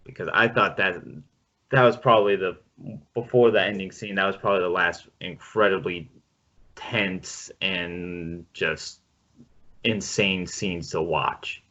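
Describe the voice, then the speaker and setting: A man hosting a casual podcast, talking in a relaxed, rambling way with some swearing. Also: low voice, measured pace. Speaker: podcast host leading the film discussion. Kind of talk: casual chat. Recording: dull lo-fi podcast audio.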